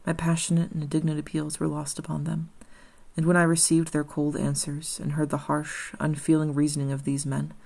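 Low, husky-voiced woman reading an audiobook. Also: monotone, brisk, darkish tone. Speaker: audiobook narrator.

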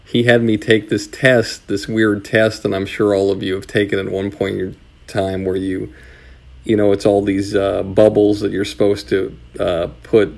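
A man's voice: lowish voice, flat delivery, normal speed, vocal fry. A man from Massachusetts with an American accent, a talent manager telling a story in a rambling, hesitant way. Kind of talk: interview storytelling.

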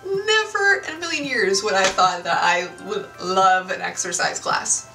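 A woman's voice: mid-range voice, moderate pace, pushed and bright. A woman in her late twenties chatting casually to her viewers in a bubbly, exclamatory way. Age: 20s. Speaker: YouTuber. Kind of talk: casual chat to camera. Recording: roomy echo, far from the mic, music behind. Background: music.

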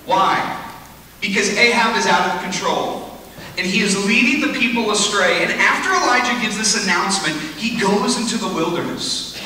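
A man preaching at a camp retreat, telling the story with animated, conversational energy. His voice sits high and bright, and it swings widely in pitch. He is heard from a distance in a big, echoey hall with a long ring, over faint room noise. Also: normal speed. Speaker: retreat speaker. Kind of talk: sermon. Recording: echoey hall, speaker far from mic.

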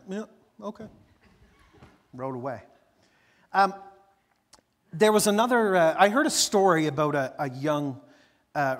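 Pastor, chatty storytelling sermon. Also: male voice, on the high side, big-room sound. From Newfoundland, Canada. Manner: conversational and animated, with frequent fillers and restarts.

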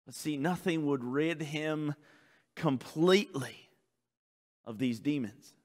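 A male pastor preaching a sermon in a church, swinging from loud shouts to low, quiet passages. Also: takes it slowly, long reverb tail. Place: church sanctuary.

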